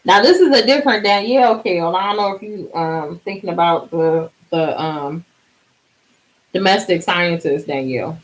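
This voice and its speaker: A woman's voice: on the low side, normal speed, rough recording. A woman hosting a casual live stream, chatty and bubbly, sleepy and singing out little cheers.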